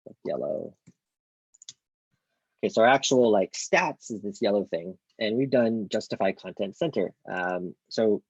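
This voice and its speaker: A man teaching a casual live-coding lesson, thinking aloud with lots of ums and quick self-corrections. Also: lowish voice, a little mellow, no echo, muffled recording. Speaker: coding instructor.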